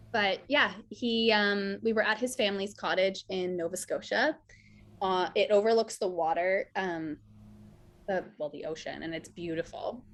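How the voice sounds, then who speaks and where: A woman in a casual interview, telling stories animatedly, acting out quotes and saying "like" a lot. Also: medium pitch. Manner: animated storyteller, acts out quotes, says "like" often. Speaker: actress guest.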